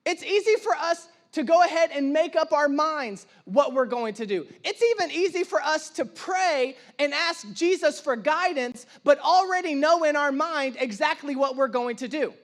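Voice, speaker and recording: A young man preaching a sermon in church, telling stories in a lively, humorous way and acting out the voices of the people he quotes. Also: extremely high pitch, moderate pace, hardly any pauses. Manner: animated, acts out quoted voices, self-deprecating humor. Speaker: pastor. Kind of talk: sermon with storytelling.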